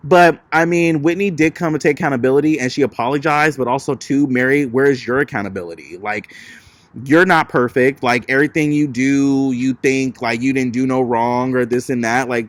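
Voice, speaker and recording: A man's voice: on the high side, fairly bright tone, no room sound. A man giving a chatty, sassy recap of a reality TV episode, with lots of casual filler words. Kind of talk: casual gossipy commentary.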